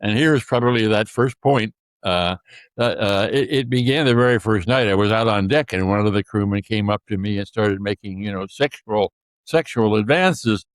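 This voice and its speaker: An older man from the US Pacific Northwest, a guest author telling life stories in an interview, halting with many fillers and restarts. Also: fairly low pitch, dry recording. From Tacoma, Washington. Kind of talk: storytelling interview.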